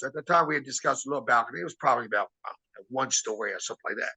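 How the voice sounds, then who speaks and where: Male interview guest, husky, bright and forceful delivery, rambling storyteller who acts out quoted dialogue. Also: mid-range voice, rapid-fire, few pauses, poor audio. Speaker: interview guest, former wrestler. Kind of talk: casual storytelling.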